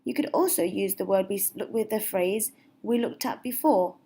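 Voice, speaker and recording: A woman's voice: medium pitch, moderate pace, hardly any pauses, mellow, slightly rough. A woman teaching basic phrases, speaking patiently and repeating each example phrase with a lifted, sing-song stress. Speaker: English teacher. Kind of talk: slow, clear English lesson.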